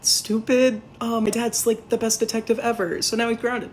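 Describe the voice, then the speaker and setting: A man's voice: extremely high pitch, little pitch movement, moderate pace, a little hiss or hum. Rambling, profane man reviewing a film.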